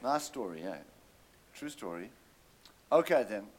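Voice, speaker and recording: A man's voice: lowish voice, sing-song, unhurried. A man preaching a sermon, telling a story animatedly and calling out to his congregation.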